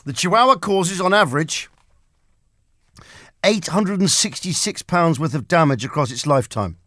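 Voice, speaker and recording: A man's voice: fairly high pitch, moderate pace, no room sound. A man hosting a radio show, chatting casually and telling stories with lots of laughter. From England. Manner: animated, laughing, does voices in anecdotes. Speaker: radio host. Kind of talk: casual radio banter and storytelling. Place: radio studio.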